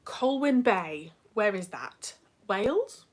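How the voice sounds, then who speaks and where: A young woman hosts a livestream, reading chat aloud in a casual, self-mocking way and drifting into whispers now and then. Her medium-pitched voice is sing-song and slow, with the relaxed sound of a home webcam.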